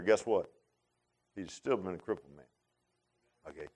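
An animated male pastor delivers a sermon in an informal style. He often repeats words and makes joking asides to the congregation. His voice sits at an ordinary, middle pitch. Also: moderate pace, long pauses.

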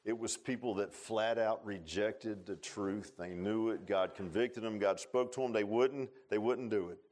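A man preaching a sermon in a church, telling stories in a folksy way and swinging between loud rises and quiet low passages. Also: measured pace. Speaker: pastor. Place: church sanctuary.

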